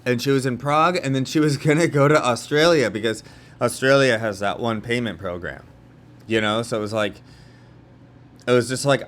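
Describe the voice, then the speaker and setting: A man's voice: lowish voice, fairly bright tone. A young man from California telling a story in a casual vlog monologue, rambling, with lots of fillers and restarts. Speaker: vlogger.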